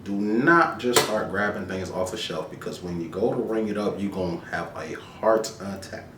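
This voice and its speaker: A very deep-voiced man talks loosely and slangily, riffing on everyday life with animated asides. His voice rings in a roomy, echoing space. A faint rumble sits underneath. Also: normal speed. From Florida, USA. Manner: laid-back slangy rant, animated asides. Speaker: podcast host. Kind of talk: casual solo commentary.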